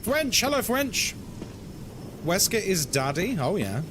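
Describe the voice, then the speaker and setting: A man's voice: high voice, very animated, takes it slowly. A man streaming a horror game, chatting casually and greeting viewers by name as he plays. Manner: chatty, greets chat viewers by name between gameplay remarks. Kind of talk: casual live-stream commentary. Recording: clear background noise.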